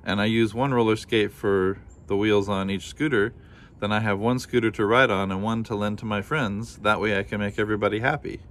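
A man reading as a sad, gentle Lion. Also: on the low side, fairly even intonation, fairly quick, a little hiss or hum, natural voice. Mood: hopeful. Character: sad gentle lion, male, worried friend. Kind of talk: children's storybook reading.

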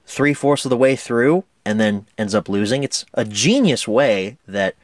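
Man, casual film review, enthusiastic, chatty, lively pitch, dry close sound. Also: unhurried, no room sound. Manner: enthusiastic, chatty, laughs often.

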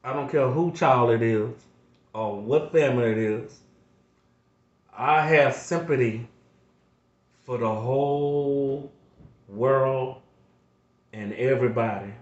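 A middle-aged man, a grandfather, speaking slowly and emotionally, repeating himself like a preacher as he talks to his viewers, close to tears. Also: mid-range voice, reverberant, lo-fi sound. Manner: slow, repetitive, preacher-like appeals. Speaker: vlogger. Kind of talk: emotional heartfelt monologue.

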